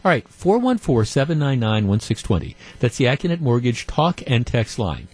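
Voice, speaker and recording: A man's voice: medium pitch, sing-song, normal speed, darkish tone, dry recording, soft background music. A man hosting a call-in radio talk show, retelling a story in a conversational way. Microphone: studio microphone.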